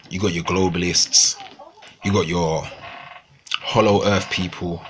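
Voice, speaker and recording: A man's voice: deep voice, a bit bright, slight background noise. A young man ranting casually to viewers on a livestream, swearing often and repeating himself. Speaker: livestream host.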